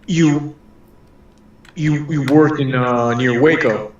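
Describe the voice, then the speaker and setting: A man's voice: medium pitch, steady tone, slow pace, muffled recording. A man calls in for a casual chat, stumbling over restarts and repeating himself. He sits far from his mic in a very echoey room. A faint hiss runs underneath. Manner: hesitant, lots of restarts and repeated words. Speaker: caller.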